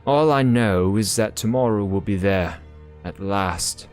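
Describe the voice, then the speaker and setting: A man's voice: lowish voice, measured pace, a little mellow, soft background music, lightly acted. A man voicing a tipsy teenage sailor boy with a put-on Irish accent, talking in a breezy, careless way. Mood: carefree.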